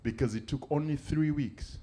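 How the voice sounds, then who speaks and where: A man from Africa performing stand-up comedy, animated and acting out the people he describes. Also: fairly high pitch, moderate pace.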